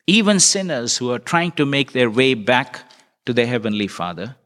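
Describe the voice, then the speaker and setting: A man's voice: medium pitch, very animated, moderate pace, fairly bright tone. Earnest male preacher delivering a sermon. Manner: earnest, questioning, pleading with listeners.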